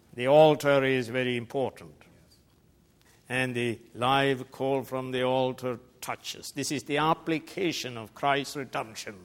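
Emphatic preacher in a reverberant hall. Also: male voice, mid-range voice. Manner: emphatic, swings between loud declarations and quiet asides. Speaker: pastor. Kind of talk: sermon. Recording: long reverb of a large hall.

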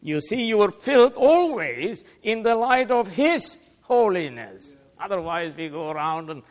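A man preaching a sermon as pastor, emphatic, swinging between loud declarations and quiet asides. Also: high voice, sing-song, measured pace. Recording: long reverb of a large hall.

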